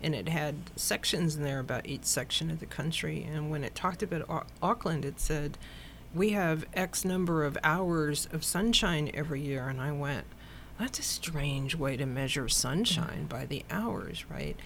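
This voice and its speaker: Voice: mid-range voice, moderate pace, hardly any pauses, fairly bright tone, slight background noise. A guest from Hawaii telling long, rambling anecdotes in a casual chat, with plenty of fillers along the way.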